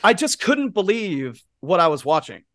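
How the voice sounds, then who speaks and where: A male podcast co-host with a fairly high voice, spinning a rambling anecdote full of asides and swearing. The sound is dry and close, from a studio mic. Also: very animated, moderate pace, pushed and bright, no echo. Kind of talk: casual storytelling chat.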